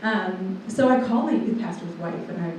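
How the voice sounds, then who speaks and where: A woman in her twenties giving a personal testimony to a live audience, telling it in a lively way and acting out what people said. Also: medium pitch, normal speed, slight background noise. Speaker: guest speaker. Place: large room with a live audience. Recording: echoey hall, voice from far off.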